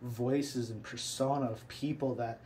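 A man's voice: medium pitch, fairly even intonation, unhurried, darkish tone, a little hiss or hum, poor audio. A man talking casually as he leads a listener through an imagined scene, loose and rambling with lots of filler words. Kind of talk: guided visualization in casual chat.

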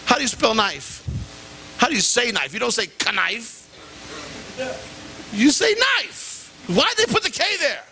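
Animated high-voiced male pastor. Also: moderate pace, gravelly. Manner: animated, self-deprecating storytelling with sudden pitch jumps. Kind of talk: sermon with personal anecdote. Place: church sanctuary.

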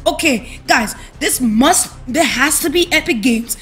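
A woman gaming YouTuber in an excited unboxing vlog, exclaiming and talking straight to her viewers. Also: high voice, a little slow, soft background music.

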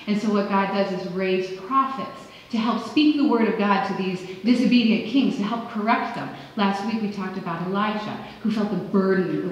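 A woman pastor preaching a sermon in a church, conversational and animated, acting out quotes as she tells the story. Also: fairly low pitch, a little hiss or hum. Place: church sanctuary. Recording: echoey church hall, dull lo-fi sound.

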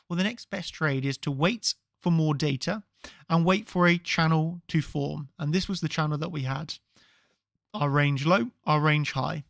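A man with a somewhat high, gravelly voice talks viewers through chart analysis. His delivery is emphatic and confident, and he drives points home by repeating words. The sound is close and dry. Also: moderate pace, a bit bright, no echo. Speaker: crypto trading analyst host.

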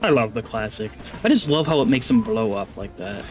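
This man's headset commentary on the game he's streaming is excitable and wandering, with his voice shooting up when something surprises him. He speaks a little fast, and music plays behind him.

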